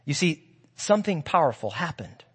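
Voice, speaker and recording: High-voiced man preaching in an echoing church. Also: very animated, moderate pace, slightly rough. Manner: earnest and encouraging, addresses listeners as friends. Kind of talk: sermon with personal storytelling. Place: church sanctuary. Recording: long hall reverb of a church.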